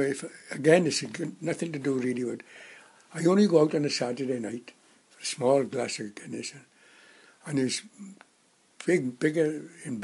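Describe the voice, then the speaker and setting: A man in his nineties reminiscing in casual conversation, a halting storyteller who rambles and restarts his sentences. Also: medium pitch, a little mellow, slightly rough. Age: 90s. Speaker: interviewee.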